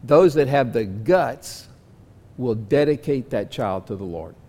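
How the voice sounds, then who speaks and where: A man teaching a church class in a folksy sermon style, asking his listeners many questions and moving between loud and soft delivery. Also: mid-range voice, expressive, unhurried. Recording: long hall reverb.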